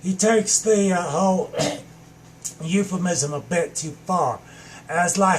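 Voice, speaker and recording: A man delivering a manic, rambling improvised comedy rant that keeps bursting into shouts. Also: sits high, slow pace, pauses often, a little hiss or hum. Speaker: comedic vlogger.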